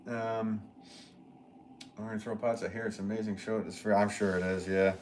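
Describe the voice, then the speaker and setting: Easygoing low-voiced man chatting on a live stream. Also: little pitch movement, a little fast, a little mellow, a little hiss or hum. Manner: easygoing and rambling, chuckles often, trails off mid-sentence. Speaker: potter hosting a live stream. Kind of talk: casual live-stream chat, reading viewer comments.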